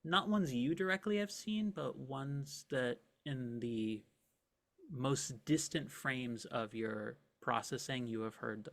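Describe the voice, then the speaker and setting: A man's voice: mid-range voice, creaky, a bit bright. Chatty man narrating as game master. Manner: casual and vivid, with many "like" fillers.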